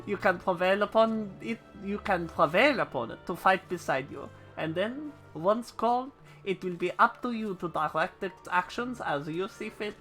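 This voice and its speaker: A man's voice: sits high, a bit bright, low-quality recording. A man reading out the lines of a formal noble chocobo trainer in a put-on French accent, stumbling over some words. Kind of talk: reading game dialogue aloud on a live stream.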